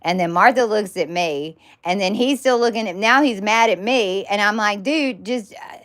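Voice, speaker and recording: A woman's voice: medium pitch, moderate pace, a bit bright. A woman giving a casual teaching talk to her followers, blunt and emphatic, swearing freely and repeating words in bursts. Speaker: spiritual teacher.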